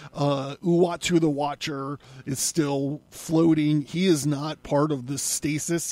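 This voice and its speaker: A podcast host talks through a comic book in a relaxed, unhurried way, chuckling now and then and leaning on filler words. His voice sits a bit high for a man and moves slowly. The recording is close and dry. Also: no room sound. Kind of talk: casual comic book recap.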